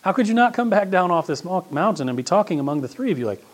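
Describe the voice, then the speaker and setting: A middle-aged man preaching a sermon as pastor, swinging between loud emphasis and hushed, quiet asides. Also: sits high, sing-song, quick pace.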